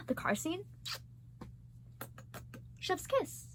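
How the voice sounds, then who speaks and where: A young woman chatting casually as a vlogger, gushing and excitable, swearing freely. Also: very high-pitched, takes it slowly, long pauses. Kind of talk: casual chat.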